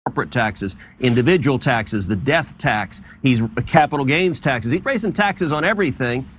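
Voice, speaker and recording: Male politician, mid-pitched, emphatic and repetitive, faint background noise. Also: expressive, normal speed, a bit bright. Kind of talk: political talking points.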